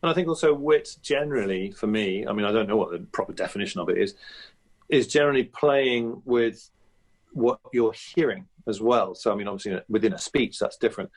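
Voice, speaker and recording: Husky low-voiced man chatting. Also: fairly quick. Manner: chatty, many restarts and fillers, reflective. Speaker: guest impressionist. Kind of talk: casual podcast interview.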